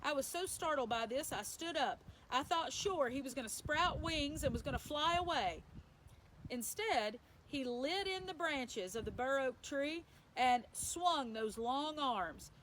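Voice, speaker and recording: A woman's voice: high voice, expressive, a little slow, a bit bright, a little hiss or hum, low-quality recording. A woman reading a children's novel aloud as a bedtime story, in a plain storytelling manner with small slips and self-corrections. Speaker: story reader.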